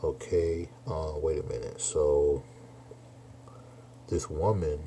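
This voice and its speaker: A man's voice: rumbling low, fairly even intonation, slow pace, warm tone, slight background noise. A man doing a casual live reaction, blunt and exasperated, swearing and saying "bro" constantly. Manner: slangy, swears a lot, keeps saying bro. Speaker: manga reaction streamer.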